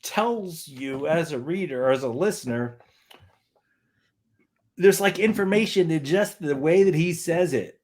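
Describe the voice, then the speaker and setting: Animated man telling a story. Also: a little high, a little slow. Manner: animated, repeats words while thinking. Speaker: author. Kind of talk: casual livestream conversation.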